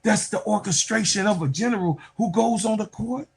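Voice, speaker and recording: A man giving casual basketball commentary to his viewers in an animated way, talking to them directly and drifting into asides. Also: high voice, moderate pace, vocal fry, slightly rough. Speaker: sports commentator.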